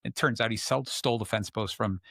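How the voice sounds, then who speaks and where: A man hosting a podcast, calmly explaining advice and telling a story in a relaxed, conversational way. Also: on the low side, brisk, creaky, dry recording, studio quality. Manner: calm, explanatory, tells stories. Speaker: podcast host. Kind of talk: casual coaching talk.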